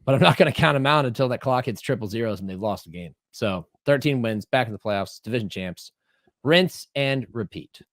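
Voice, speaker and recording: A man co-hosting a podcast, talking sports in an animated, emphatic way and often restarting his phrases. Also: lowish voice, fast talker, hardly any pauses, no echo, studio quality. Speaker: podcast co-host. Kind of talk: casual sports chat.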